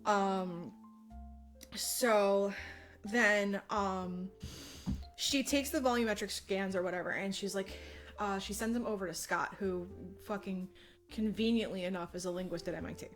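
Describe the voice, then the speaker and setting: A woman's voice: mid-range voice, unhurried, faint music behind. A woman co-hosting a podcast, casually retelling a story with lots of fillers and acted-out quotes. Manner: animated retelling, frequent fillers, acts out quotes. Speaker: podcast co-host. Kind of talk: casual chat.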